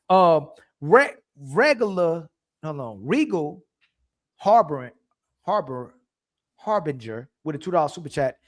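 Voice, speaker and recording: A man's voice: a little high, big pitch swings, slow pace, long pauses. A young man co-hosting a casual livestream, reading out donor messages and stumbling over names. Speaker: co-host reading super chats.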